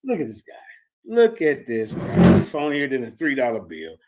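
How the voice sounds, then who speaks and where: A man hosting a show, loudly mocking and ribbing a guest over played clips, with a gravelly, husky voice. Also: medium pitch, huge pitch swings, normal speed, very noisy. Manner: loud, mocking, shouting in disbelief. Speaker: show host.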